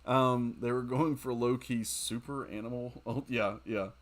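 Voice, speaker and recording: A young man, worn out and streaming a game late at night, talks casually in a rambling way, giggling and loudly reacting to the gameplay. He keeps a medium pitch, steady tone and measured pace.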